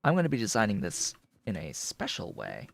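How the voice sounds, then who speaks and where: A man's voice: on the low side, wildly swooping pitch, a little fast, creaky, dry recording. A man streaming a building game, thinking aloud in casual commentary as he works.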